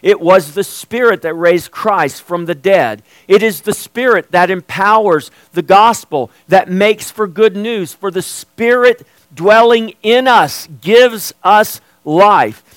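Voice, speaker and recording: A man's voice: sits high, slow pace, hardly any pauses, dry recording. A man preaching an expository sermon as pastor, earnest and emphatic.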